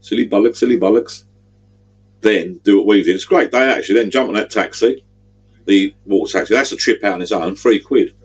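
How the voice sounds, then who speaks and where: Husky deep-voiced man chatting. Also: a little fast, lo-fi sound. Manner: rambling, chatty, gives directions. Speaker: livestream host. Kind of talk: casual livestream chat.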